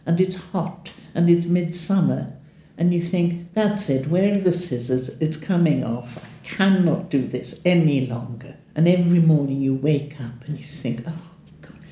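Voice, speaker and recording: An older woman, a patient sharing her story, gives interview testimony in a frank, wry way, acting out the voices of the people she quotes. Her voice sits lowish, and the recording carries a little hiss or hum in an echoey room with soft music.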